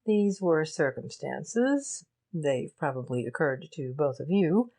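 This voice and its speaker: A shrewd gentleman walks through his reasoning in a low, unhurried voice, voiced by a woman reading an audiobook. His manner is measured and deliberate, each point placed with care. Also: animated, heavily acted. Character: shrewd male gentleman explaining a case.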